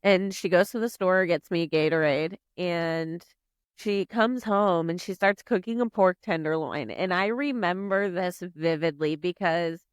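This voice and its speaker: A woman in her twenties, a podcast guest telling a story in casual chat, animated, swearing freely and saying "like" a lot. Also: on the low side, unhurried, smooth, dry recording, clean studio sound. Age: 20s.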